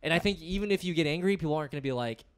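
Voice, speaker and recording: Man, podcast co-host, fast chatty delivery, a bit high voice, casual talk. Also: animated, clean tone. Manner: rapid and chatty, fills talk with "like". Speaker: podcast co-host, stand-up comic.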